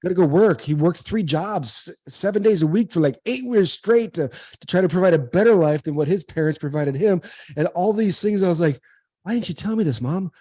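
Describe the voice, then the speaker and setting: Speaking briskly in a high voice with a dark tone, an American man in his forties recounts a personal story during an interview. He's a former pro baseball player turned speaker, appearing as a guest, and he's earnest, repeats words, and acts out quoted dialogue. The recording is dry.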